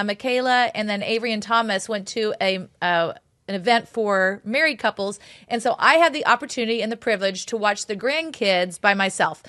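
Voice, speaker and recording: A woman's voice: on the high side, pushed and bright, dry recording, studio quality. An older woman co-hosting a podcast, eagerly telling a casual story. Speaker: podcast co-host. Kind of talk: casual chat.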